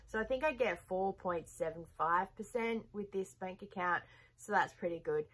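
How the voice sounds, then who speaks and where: A woman's voice: mid-range voice, moderate pace, fairly bright tone, breathy edge, poor audio. A woman vlogging to her viewers in a casual, rambling chat, laughing often as she talks. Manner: chatty, rambling, with frequent laughs.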